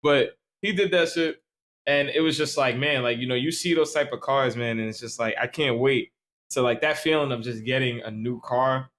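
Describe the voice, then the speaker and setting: A man's voice: medium pitch, moderate pace, a bit bright. A tipsy young man from Staten Island, co-hosting a podcast in loose, rambling casual chat full of slang and swearing. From Staten Island, New York. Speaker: podcast co-host.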